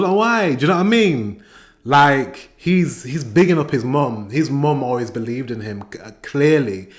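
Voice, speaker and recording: British man casually reacting to music. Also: medium pitch. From Britain. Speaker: reaction video host.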